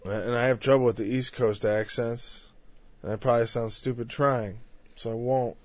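A man's voice: mid-range voice, fairly even intonation, normal speed, no echo. A man preaching a conversational sermon on a Bible passage, full of "you know" asides and rising into impassioned lists. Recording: dull, dry lo-fi recording.

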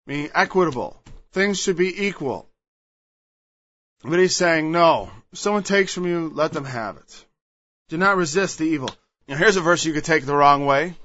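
A man's voice: a little high, animated, moderate pace, a bit bright, dry recording. A man preaching a sermon, emphatic and digressive, reading scripture and explaining it. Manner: acts out quoted voices, emphatic, digressive. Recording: dull, lo-fi dry recording.

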